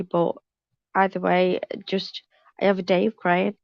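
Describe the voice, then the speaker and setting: A woman's voice: on the low side, little pitch movement, measured pace, vocal fry, clear, resonant tone, no room sound. A woman chatting on a live stream panel, blunt and emphatic, repeating points for weight. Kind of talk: casual chat, storytelling. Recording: dull lo-fi stream audio.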